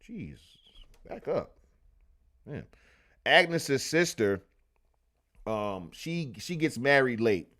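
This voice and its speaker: A man's voice: mid-range voice, very animated, takes it slowly, pauses often, a bit bright. A man hosting a casual livestream, reading old newspaper clippings aloud and retelling stories in loose, profane slang. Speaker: livestream host.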